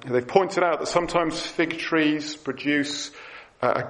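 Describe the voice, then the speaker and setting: A middle-aged man giving a chatty, self-deprecating sermon as a preacher in church. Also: fairly high pitch.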